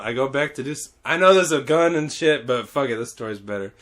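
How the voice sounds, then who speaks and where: A man hosting a podcast, telling a story in casual chat, animated, laughing often and swearing freely. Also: mid-range voice, normal speed, a little hiss or hum.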